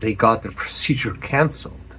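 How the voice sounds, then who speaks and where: A man from Europe, a channel host giving a personal update, speaking earnestly with many pauses and restarts. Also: fairly low pitch, pushed and bright, slight background noise.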